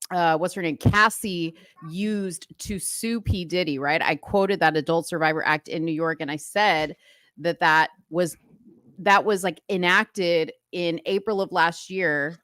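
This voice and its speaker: A woman's voice: on the low side, fairly bright tone, no echo. A woman co-hosting a live talk show, chatting casually and laughing often. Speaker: co-host. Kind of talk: casual chat.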